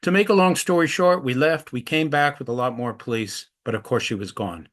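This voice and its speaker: A man's voice: medium pitch, a little fast. A middle-aged man, an activist, giving an earnest storytelling presentation. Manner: earnest, acts out quoted voices in anecdotes. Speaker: anti-trafficking activist speaker.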